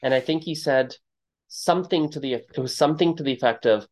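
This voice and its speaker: A man hosting a casual podcast interview at an ordinary middle pitch. He tells stories in a loose, meandering way and acts out quoted lines with big leaps in pitch. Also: brisk, a little mellow, muffled recording. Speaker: podcast host.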